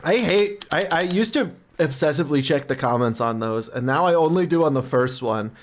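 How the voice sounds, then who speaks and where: A woman streamer chatting casually while playing a game. She rambles and makes fun of herself, often trailing off mid-thought. Her voice sits fairly low but swoops around a lot. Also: animated, brisk, faint music behind. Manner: rambling, self-deprecating, trailing off. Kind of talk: casual live-stream chat.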